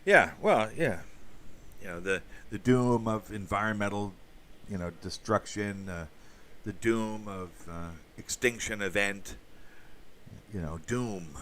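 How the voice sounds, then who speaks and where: This podcast host speaks slowly in a lowish, fairly bright voice, picked up from afar with slight background noise. Reading live chat on a casual livestream, he rambles, wanders into asides, and swears crudely now and then.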